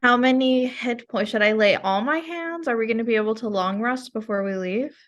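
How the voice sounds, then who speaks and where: A woman's voice: a little high, brisk, lo-fi sound. A woman player in a casual tabletop game, playful and joking. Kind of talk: casual tabletop role-play.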